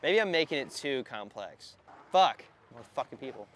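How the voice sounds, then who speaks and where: A man, a skateboarder, rambling and cursing in candid outtakes, his voice hoarse and worn out, tired and short of breath, outdoors at a skate spot. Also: medium pitch, sing-song, moderate pace, a bit bright. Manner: rambling, heavy cursing, self-conscious. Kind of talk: candid outtakes while filming.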